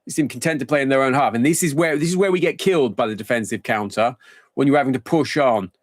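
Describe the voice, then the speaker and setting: A man's voice: mid-range voice, fast, no room sound, clean studio sound. A man streaming a football management game live, thinking aloud in a rambling, casual way.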